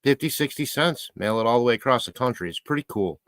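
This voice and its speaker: A man's voice: mid-range voice, expressive, fast, a bit bright, dry recording. A man from Michigan hosting a casual live stream, joking and rambling as he reads viewer comments aloud. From Michigan, USA. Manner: rambling, joking, talks to his pet.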